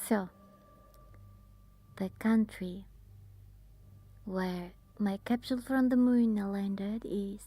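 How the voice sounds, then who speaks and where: A woman whispering as an ASMR streamer, chatting softly and haltingly with her viewers. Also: mid-range voice, no room sound. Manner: halting, with many fillers. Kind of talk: whispered ASMR livestream chat.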